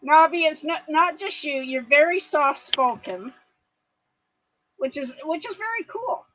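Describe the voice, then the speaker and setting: A woman's voice: high voice, lively intonation, measured pace, fairly bright tone, muffled recording, slight background noise. A chatty woman from British Columbia who laughs easily, talking casually on a livestream. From Canada, British Columbia. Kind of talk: casual chat.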